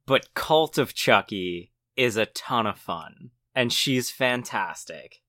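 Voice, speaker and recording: A man's voice: mid-range voice, slow pace, no room sound, studio quality. A man co-hosting a podcast, talking casually and analytically about horror films. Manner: relaxed, analytical, frequent "like". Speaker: podcast co-host.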